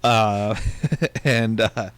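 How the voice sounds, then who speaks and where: Lowish-voiced guy on a movie podcast, chill and laughing, easy banter. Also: very slow, smooth, dry recording. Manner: relaxed, laughing, agreeable banter. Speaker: podcast co-host. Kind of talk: casual movie review chat.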